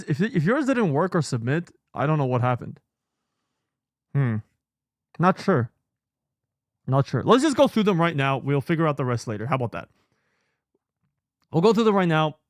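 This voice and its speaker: Lively, scattered male streamer. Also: on the high side, moderate pace, long pauses, no room sound. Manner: scattered, muttering, swears freely. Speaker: streamer host. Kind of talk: casual live-stream chat.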